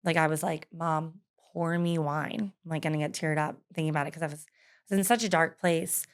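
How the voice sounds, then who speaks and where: A woman's voice: sits low, fairly even intonation, fast talker, smooth. A woman in her thirties telling her personal story in an interview, candid and hesitant, with frequent fillers and laughs. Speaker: guest.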